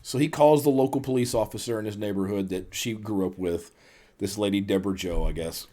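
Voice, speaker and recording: Profane, animated male podcast host. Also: fairly low pitch, fairly quick. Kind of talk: casual podcast chat.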